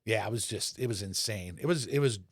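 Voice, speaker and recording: Relaxed older man telling rock tour stories. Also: on the low side, fairly quick, slightly rough, no echo, clean studio sound. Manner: relaxed, rambling anecdotes with frequent fillers. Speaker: podcast guest, former rock bassist. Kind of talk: casual conversational storytelling.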